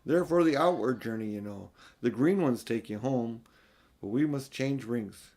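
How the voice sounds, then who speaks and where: An older man reading a storybook aloud, voicing an eager, excitable young boy in a raised voice. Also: mid-range voice, moderate pace, close to an everyday voice.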